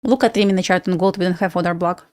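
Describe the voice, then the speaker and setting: A woman's voice: fairly low pitch, steady tone, fast, a little mellow, no echo. A woman from Belarus with a Belarusian accent, chatting casually on a live stream and answering viewers' questions. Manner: chatty, reads out viewer questions and answers them, laughs often. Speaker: livestream trading host.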